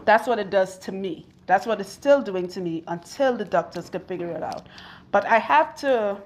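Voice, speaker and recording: A young adult woman with a Trinidadian accent, chatting casually and loudly while working, telling stories and acting out what people said. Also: mid-range voice, moderate pace, slight background noise. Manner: loud, animated storytelling with quoted voices. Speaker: loctician and video host.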